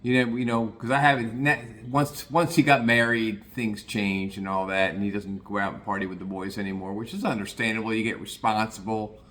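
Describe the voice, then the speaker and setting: A man's voice: lowish voice, flat delivery, brisk, few pauses, a bit bright. An older man from the Cincinnati area of the US, talking casually and plainly in a rambling podcast monologue, with frequent restarts and the odd curse.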